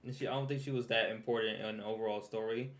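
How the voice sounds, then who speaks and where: A man's voice: lowish voice, fairly even intonation, quick pace. Laughing, chatty young man reacting. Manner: chatty, laughs often, repeats words and restarts. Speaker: streamer reacting to a recap video. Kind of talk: casual reaction stream.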